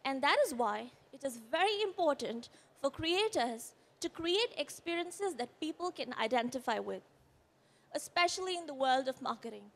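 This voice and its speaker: A woman's voice: sits high, expressive, moderate pace. A woman with an Indian English accent giving a conference presentation, explaining earnestly while her voice quivers after an accident. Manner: earnest, explanatory, with brief apologies. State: voice quivering, shaken. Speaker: conference speaker. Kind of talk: presentation talk. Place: conference stage.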